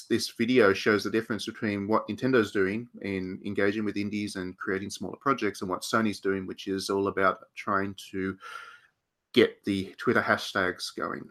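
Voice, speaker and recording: A man's voice: fairly low pitch, sharp tone. A man co-hosting a casual podcast panel discussion, talking in a thoughtful, rambling way with frequent restarts.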